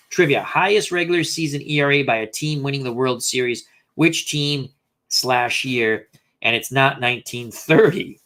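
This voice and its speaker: A man's voice: mid-range voice, animated, moderate pace, a bit bright. A man hosting a casual live stream, thinking aloud and reading out viewer comments. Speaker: host.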